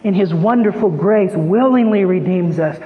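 A man preaching a sermon as a pastor, impassioned, swinging between hushed and rising pleading. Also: sits high, normal speed, narrow, tinny audio. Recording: long hall reverb.

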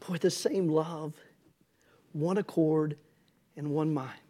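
High-voiced preacher. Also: male voice, steady tone, slow, mellow. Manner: folksy, storytelling, rising to emphatic preaching. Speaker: pastor. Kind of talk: sermon.

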